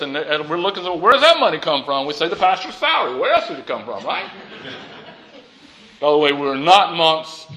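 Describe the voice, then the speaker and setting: A middle-aged man delivering a sermon as a pastor, emphatic and often laughing. His voice sits high, swoops widely in pitch and has a bright, forceful edge. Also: low-quality recording. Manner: lively, chuckling and emphatic.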